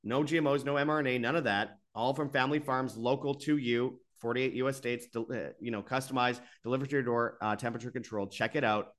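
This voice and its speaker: A man's voice: mid-range voice, fairly even intonation, fast, few pauses, fairly bright tone. A man hosting his own channel, delivering an exasperated, repetitive monologue that keeps rising into bursts before he reads sponsor spots. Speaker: host of an alternative media channel.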